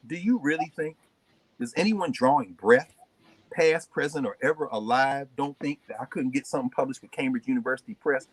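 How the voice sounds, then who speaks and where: A man's voice: medium pitch, brisk, husky, dry recording. A man hosting a live class, talking emphatically and often repeating words as he builds a point. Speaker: host and lecturer. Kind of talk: animated classroom talk.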